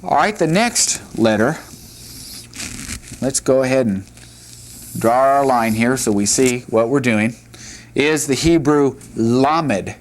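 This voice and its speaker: Male teacher, slow deliberate delivery, patient, repeats each letter, plain classroom talk. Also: mid-range voice, lively intonation, a little hiss or hum. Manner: plain-spoken, with light jokes. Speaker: Hebrew teacher. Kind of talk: classroom lesson at a whiteboard.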